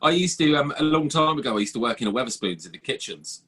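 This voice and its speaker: A man with a husky, bright voice that swings widely in pitch, chatting on a podcast. He is blunt and sweary, and he laughs his way through his stories. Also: expressive, fast talker. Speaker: podcast co-host. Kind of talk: casual chat.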